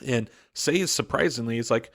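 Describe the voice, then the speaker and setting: A man's voice: mid-range voice, normal speed, a bit bright. A man co-hosting a book podcast, retelling the chapter in casual chat and briefly acting out the characters' lines. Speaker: podcast co-host.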